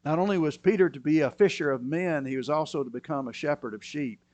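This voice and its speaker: A man preaching a sermon, moving between quiet, low asides and loud, emphatic bursts. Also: fast, dry recording. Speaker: pastor.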